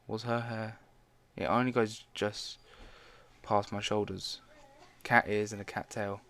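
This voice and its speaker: A man's voice: fairly low pitch, flat delivery, a little slow, a bit bright. A man casually reading fan fiction aloud, stumbling now and then and dropping in his own side comments.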